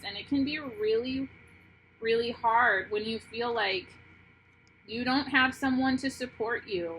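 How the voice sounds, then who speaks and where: A woman doing an intuitive tarot reading to camera, earnest and heartfelt, often pausing and restarting. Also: fairly high pitch, sharp tone, slight background noise, rough recording. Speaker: tarot reader.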